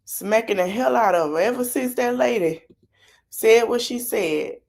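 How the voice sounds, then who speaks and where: A woman's voice: on the high side, unhurried, gravelly, darkish tone, slight background noise. A woman hosting a live podcast stream, reacting to a video with blunt, sassy, mocking commentary full of slang. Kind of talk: livestream commentary.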